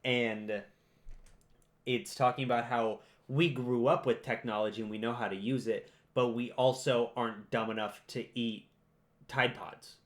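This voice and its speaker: A man's voice: mid-range voice, fairly even intonation, a little slow. A young man co-hosting a podcast, rambling and teasing in casual chat. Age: young adult. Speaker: podcast co-host.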